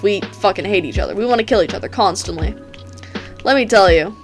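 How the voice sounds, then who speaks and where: A teenage girl telling rambling, profane stories in a casual chat while she plays a game, laughing often. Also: medium pitch. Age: teens. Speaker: gaming streamer. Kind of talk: casual storytelling while gaming.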